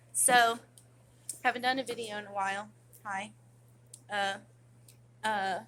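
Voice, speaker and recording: A woman's voice: medium pitch, pushed and bright, slight background noise. A woman vlogging in a rambling, slangy, casual chat to camera.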